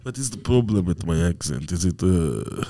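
A man's voice: deep voice, very animated, moderate pace, a little hiss or hum. A man joking around in a put-on Jamaican accent as a podcast guest, boisterous and teasing. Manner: boisterous, teasing, breaks into loud laughter.

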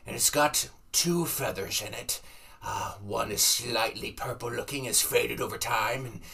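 Man doing a grumpy old honey badger, bright raspy voice, set back from the mic, gruff and threatening. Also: medium pitch, measured pace, far from the mic, full character voice. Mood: grumbling. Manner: gruff, threatening, rambling with fillers. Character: cranky old male honey badger, retired driver.

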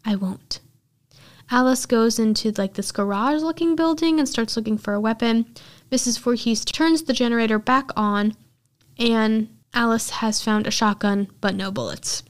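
A woman's voice: on the high side, moderate pace. A woman podcast host casually retelling a film's plot in chatty storytelling full of filler words.

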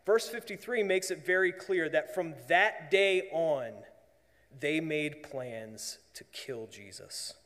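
Slow, earnest preacher in a reverberant hall. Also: male voice, on the high side. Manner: earnest, drops to a hushed voice for emphasis. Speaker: pastor. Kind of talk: sermon.

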